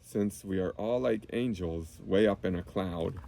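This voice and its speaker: Gentle man reading to children. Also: low-pitched, a little slow, vocal fry, noisy background. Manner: gentle, explains terms simply for kids. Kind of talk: reading a children's book aloud with commentary. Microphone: clip-on lapel mic.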